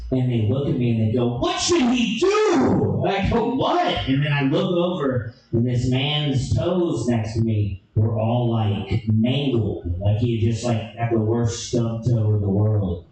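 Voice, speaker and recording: A young man telling a crude, animated comedy story, now and then breaking into shouted bursts. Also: medium pitch, measured pace, few pauses, distant mic. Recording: echoey room, from off mic.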